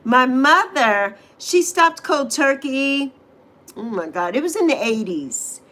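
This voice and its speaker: A middle-aged woman from the Virgin Islands hosts a casual livestream, chatting, rambling between stories and greeting viewers by name. Her high, sharp voice is very animated but slow-paced, and the audio quality is poor.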